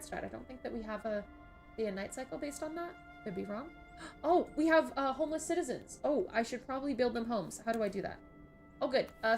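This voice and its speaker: A woman streaming a game, chatting casually and thanking viewers by name. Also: a little high. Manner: chatty, thanks chat members warmly. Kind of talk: casual gameplay commentary.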